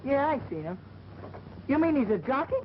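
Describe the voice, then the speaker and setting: A high-voiced New street kid. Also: male voice, very animated, normal speed. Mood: doubtful. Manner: skeptical, streetwise slang. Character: wisecracking young male street gang member. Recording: muffled, hissy 1940 film soundtrack.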